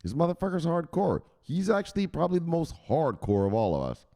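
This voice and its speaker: A man's voice: a little high, big pitch swings, a little fast, few pauses, mellow. Joking, foul-mouthed male host. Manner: joking, profane, laughs often. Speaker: crypto news show host. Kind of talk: casual joking chat.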